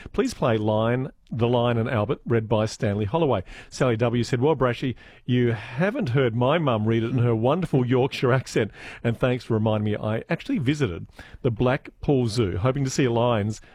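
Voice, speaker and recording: A man's voice: medium pitch, moderate pace, darkish tone, no echo. Chatty male radio co-host, dry sound. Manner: chatty, hesitant restarts. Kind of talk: casual radio chat.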